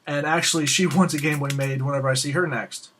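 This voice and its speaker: A young man hosting a casual Q&A show, telling a rambling, excitable story and acting out the lines of the people in it. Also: on the high side, quick pace, a little hiss or hum. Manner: excitable, rambling, acts out quoted dialogue. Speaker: host of a Q&A show.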